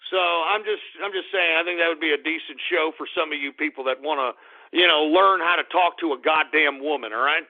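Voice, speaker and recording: A middle-aged man with a rather high voice holds forth as a talk radio host, blunt and crude. The audio is narrow and tinny, like it's coming over a phone line. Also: brisk. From Texas. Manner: blunt, crude, opinionated ranting. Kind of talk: ranting call-in radio talk.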